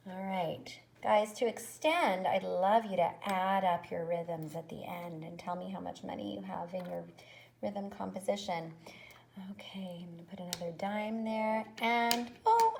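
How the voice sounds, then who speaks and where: A woman music teacher giving an online lesson to young children, cheerful and encouraging, speaking slowly and clearly. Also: medium pitch, lively intonation, a little mellow, slight background noise.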